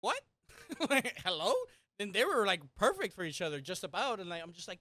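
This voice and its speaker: A woman co-hosting a casual podcast chat, ranting heatedly and swearing often, with loud exasperated outbursts. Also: on the low side, big pitch swings, a little fast. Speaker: podcast co-host.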